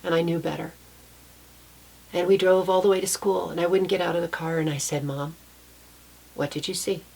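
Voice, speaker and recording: Low-voiced woman telling a personal story. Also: steady tone, brisk, gravelly. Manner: soft-spoken, reflective, with small restarts.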